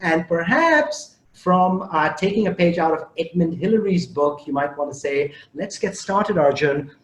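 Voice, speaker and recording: A man giving an animated motivational talk, playfully teasing the audience with questions and repeating and spelling out key words. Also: on the high side, unhurried, reverberant, low-quality recording. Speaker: motivational speaker.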